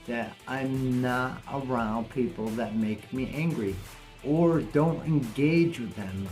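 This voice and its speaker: A man's voice: medium pitch, a little mellow. A man talking bluntly and casually to camera in a vlog, cursing now and then. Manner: blunt, plainspoken, swears casually. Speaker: vlogger.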